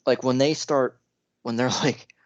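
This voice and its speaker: A man's voice: medium pitch, fairly even intonation, a little slow, no echo. A young man co-hosting a podcast, giving earnest opinions in casual chat and laughing between points. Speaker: podcast co-host. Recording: dry, muffled mic.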